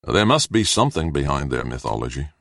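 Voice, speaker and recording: A man with a very deep, gravelly voice voicing a wry, matter-of-fact doctor. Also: very animated, brisk, a bit bright, dry recording, studio quality, full character voice. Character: male doctor, wry and calm.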